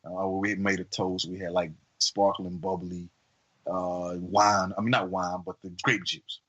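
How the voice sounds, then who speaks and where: A man co-hosting a podcast, telling a long story in a casual, rambling way with many fillers and lively acted-out voices. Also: sits low, unhurried, breathy edge, lo-fi sound. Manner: animated, acts out quoted voices. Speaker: podcast co-host.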